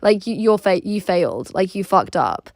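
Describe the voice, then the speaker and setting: A woman's voice: medium pitch, sing-song, moderate pace, darkish tone, no room sound. Blunt English-accented woman, very dry sound. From Russia. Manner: blunt, crude and rambling, with many "like" fillers. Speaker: livestreamer. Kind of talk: casual livestream chat, reacting to viewer messages.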